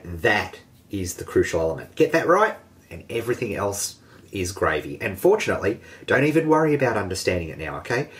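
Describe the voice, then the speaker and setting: A man teaching an online marketing lesson, energetic and jokey, poking fun at himself. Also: lowish voice. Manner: energetic, jokey and self-mocking. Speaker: online marketing course host.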